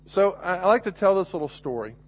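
A man's voice: high-pitched, big pitch swings, quick pace. Man preaching on a muffled recording. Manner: earnest, rises to emphatic points, frequent restarts. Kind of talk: sermon.

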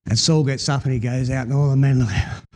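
A man preaching a sermon, telling a Bible story with lively acted-out scenes and talking with the congregation. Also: mid-range voice, fast. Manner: animated storytelling, acting out scenes.

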